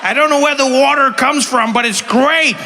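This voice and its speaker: A man voicing a cheerful mutated man who bathes in toxic water, speaking in a goofy, high, drawn-out way. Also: bright, forceful tone, a little hiss or hum. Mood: cheerfully oblivious.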